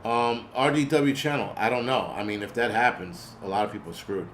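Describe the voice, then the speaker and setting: Male host, casual profane rant, animated and laughing, mid-range voice, faint noise behind. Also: mid-range voice, brisk. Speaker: channel host.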